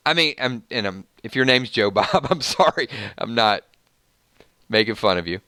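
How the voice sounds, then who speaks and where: A YouTube host with a Southern US accent speaks directly to his livestream viewers in a medium-pitched, animated voice at a moderate pace. His tone is sharp and smooth, with no room sound, as he gets fired up and builds into an emphatic rant.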